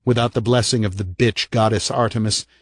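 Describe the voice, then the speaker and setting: A man reading a horror novel aloud in a dramatic, measured narration. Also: on the low side, fairly even intonation, no room sound, clean studio sound. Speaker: audiobook narrator.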